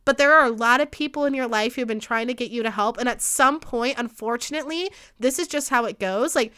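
A young woman hosting a podcast, ranting in a casual, profane, gossipy way with fast bursts and a lot of heat. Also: a little high, bright, forceful tone, clean tone. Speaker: podcast host. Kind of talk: casual solo podcast rant. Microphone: studio microphone.

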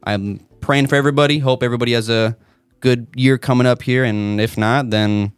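A man's voice: mid-range voice, fairly even intonation, a little fast, clear, resonant tone, no echo. A man co-hosting a podcast who talks in a laid-back, rambling way. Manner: laid-back, rambling, with many fillers and restarts. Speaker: podcast co-host. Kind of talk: casual chat.

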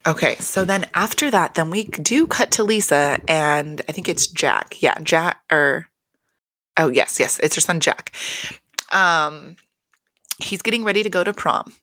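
A woman's voice: on the low side, expressive, measured pace, a bit bright, no room sound. A woman giving a casual, chatty recap of a reality show, swearing freely and laughing between points.

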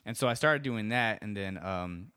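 Man, lowish voice, dry close sound, rambling storyteller, casual podcast chat. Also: normal speed, pushed and bright, smooth, no echo. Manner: loose storytelling with many fillers and restarts. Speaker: executive director of a DJ school, guest.

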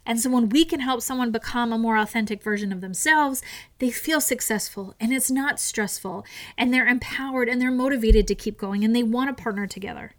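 A woman hosting a solo podcast, reflecting in a chatty, animated way and acting out the dialogue she quotes. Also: a little high, fairly quick. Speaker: podcast host, instructional coach.

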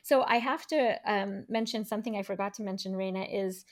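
A woman co-hosting a conversational podcast, talking things through in a mid-pitched voice. She reasons out loud and frequently circles back to restart her phrases. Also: fairly quick. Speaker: podcast host. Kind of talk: casual chat.

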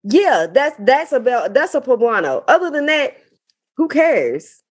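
A woman's voice: high-pitched, very animated, unhurried. A woman on a casual panel, blunt and offhand as she gives her opinion. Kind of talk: casual group chat.

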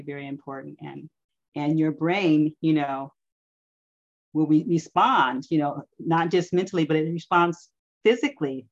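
A woman co-hosting a casual wellness chat, who affirms her partner warmly and talks with many "you know" fillers. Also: low voice. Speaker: podcast co-host. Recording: muffled lo-fi audio.

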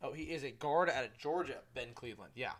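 A young man hosts his own casual sports podcast solo, rambling, correcting himself and swearing freely. He talks fast at a medium pitch with lively intonation.

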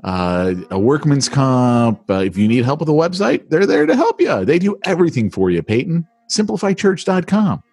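A man's voice: mid-range voice, normal speed, few pauses, breathy edge, no echo. A man co-hosting a podcast, chatting casually and telling self-mocking stories with quoted voices. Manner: self-mocking storyteller with lively put-on quotes. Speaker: podcast co-host. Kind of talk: casual chat.

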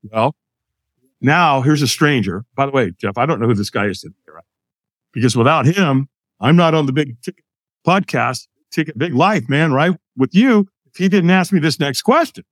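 An older American man, a podcast guest, telling a personal story in an animated way and acting out the lines of other people. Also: on the high side, moderate pace, no room sound, clean studio sound. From United States.

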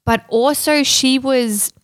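A woman's voice: high voice, takes it slowly, clean tone. Laid-back joking woman co-host. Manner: laid-back, laughs easily, jokey. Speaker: podcast co-host. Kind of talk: casual chat.

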